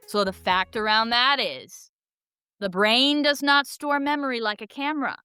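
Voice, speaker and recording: Bright, crisp woman podcast host. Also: a little high, no echo, clean studio sound. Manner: soothing, encouraging, checks in with "okay?". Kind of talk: calm podcast talk with practical tips.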